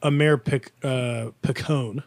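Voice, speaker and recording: A man co-hosting a podcast, chatting casually with quick jokes and casual swearing. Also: medium pitch, fairly even intonation, gravelly, darkish tone, no echo. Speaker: podcast co-host. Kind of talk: casual chat.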